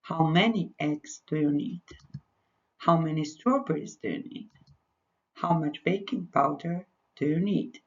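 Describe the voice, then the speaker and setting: A woman's voice: deep voice, measured pace. A woman English teacher, patiently giving lesson instructions and repeating them in both languages. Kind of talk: recorded English lesson with Croatian explanations. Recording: dull lo-fi recording.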